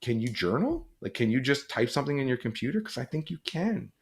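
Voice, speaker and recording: A man's voice: mid-range voice, sing-song, a little fast. A man speaking as an interview guest, earnest and reflective, often using "like" as a filler. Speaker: guest, former police officer and author. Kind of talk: conversational interview.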